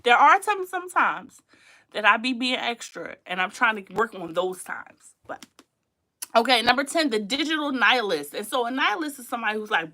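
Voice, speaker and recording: A chatty young woman, hosting a casual livestream. She speaks emphatically, repeats her points and laughs often. Her voice sits a little high and sounds bright and forceful. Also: expressive, a little slow. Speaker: livestream host.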